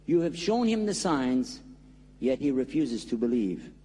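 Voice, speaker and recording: A man's voice: mid-range voice, very animated, measured pace, dark tone, husky, long reverb tail. A man preaching to an audience, earnest and pleading, stretching out key words for emphasis. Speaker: Muslim preacher. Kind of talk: preaching talk with acted-out story.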